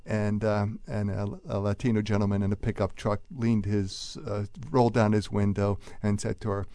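A man's voice: lowish voice, flat delivery, normal speed, warm tone, smooth, no room sound. A man from Philadelphia, a radio show guest explaining how people speak, thoughtful with frequent uhs. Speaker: guest linguist. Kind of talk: radio interview.

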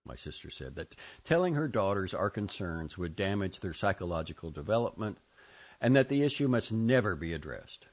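A man reading a first-person memoir aloud in a measured, expressive way. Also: low-pitched. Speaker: narrator. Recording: dull lo-fi recording.

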